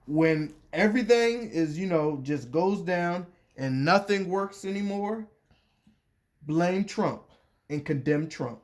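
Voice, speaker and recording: A man's voice: fairly high pitch, a little mellow. A man reading a letter aloud and commenting on it in casual chat, repeating his points and restarting sentences as he goes.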